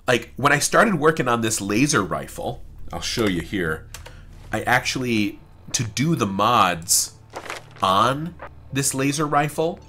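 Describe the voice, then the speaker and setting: A man's voice: fairly low pitch, bright, forceful tone. Rambling, profane male gamer. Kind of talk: let's play commentary.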